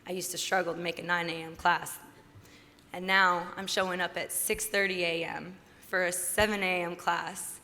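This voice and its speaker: A woman in her twenties giving a heartfelt acceptance speech at a podium microphone in a large hall, earnest and rising with excitement. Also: fairly low pitch, normal speed. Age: 20s. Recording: reverberant hall with faint background noise.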